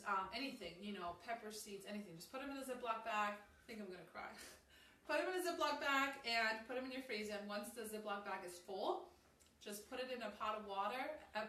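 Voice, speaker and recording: Bright-voiced woman demoing in an echoey kitchen. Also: medium pitch. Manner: chatty, upbeat, talks straight to viewers with frequent ums. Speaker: host of a live cooking demo. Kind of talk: casual live-stream cooking demonstration. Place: home kitchen. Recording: echoey kitchen, distant mic, faint noise.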